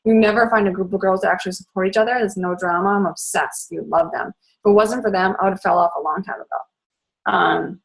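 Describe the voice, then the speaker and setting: A young woman from the Boston area who talks very fast in a bubbly, chatty way as she coaches her team in a casual talk. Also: mid-range voice, steady tone, gravelly. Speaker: network marketing fitness coach.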